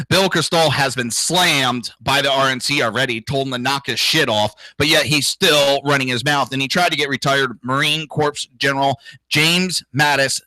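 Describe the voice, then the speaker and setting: A man's voice: mid-range voice, pushed and bright, dry recording, rough recording. A man hosting a political talk show, ranting crudely and indignantly, with profanity and mocking impressions of others. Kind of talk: ranting solo commentary.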